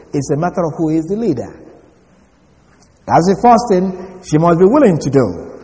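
A man preaching a sermon, slow and emphatic, repeating his key words for stress. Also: on the high side, darkish tone. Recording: long reverb of a hall.

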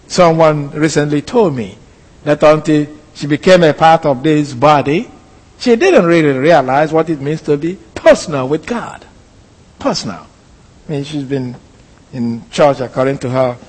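A male pastor preaching a sermon with slow, emphatic, deliberate delivery. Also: a little high. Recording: long hall reverb.

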